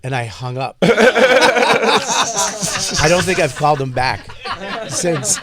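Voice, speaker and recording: A man's voice: medium pitch, lively intonation, takes it slowly, a loud crowd. Brash, profane man guesting on a podcast. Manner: brash, profane storyteller who laughs often. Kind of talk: casual comedic chat.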